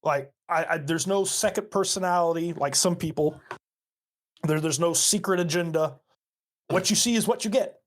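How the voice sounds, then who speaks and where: A man guesting on a podcast, talking earnestly and swearing casually. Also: a little high. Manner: earnest, profane, fast bursts.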